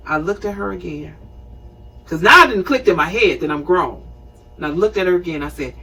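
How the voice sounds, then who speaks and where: Host, woman, 50s: husky, lively storyteller, recorded a little way off the mic. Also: lowish voice, fairly quick, far from the mic, poor audio. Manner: animated, conversational, acts out scenes. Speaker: show host. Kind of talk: storytelling talk show monologue.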